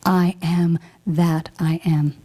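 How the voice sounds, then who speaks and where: A woman's voice: on the low side, level tone, takes it slowly, dark tone. Woman minister giving a heartfelt sermon. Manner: heartfelt, reflective, emotional at times. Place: church hall.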